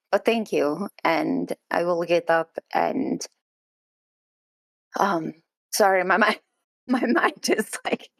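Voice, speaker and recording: A woman player in a tabletop game, speaking hesitantly with many pauses. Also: lowish voice, creaky, dry recording. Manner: hesitant, full of pauses and fillers. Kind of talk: casual in-character play.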